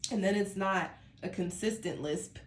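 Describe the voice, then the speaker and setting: A woman's voice: mid-range voice, normal speed. A woman from Denver with a Colorado accent, a tarot reader chatting in a rambling, sleepy way, with a slight lisp. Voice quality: slight lisp when tired. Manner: rambling, chatty, laughs often. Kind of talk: casual monthly tarot reading.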